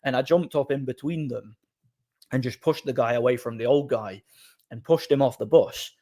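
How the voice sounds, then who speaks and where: A man hosting a livestream, telling a rambling anecdote in an animated, casual way and acting out quoted dialogue. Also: mid-range voice, normal speed. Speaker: livestream host. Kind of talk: casual storytelling to a live audience.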